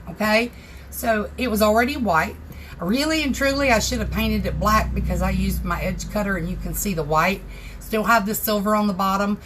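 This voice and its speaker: A woman's voice: medium pitch, fairly bright tone, a little hiss or hum. A woman hosting a casual craft tutorial livestream from her home craft room, chatting and greeting viewers by name.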